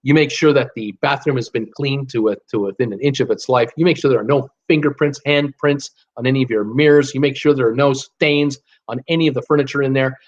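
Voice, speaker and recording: A man's voice: medium pitch, steady tone, brisk, hardly any pauses, dull audio. An older man hosting a live cruise talk, giving blunt, fired-up advice in a ranting manner. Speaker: cruise vlogger host.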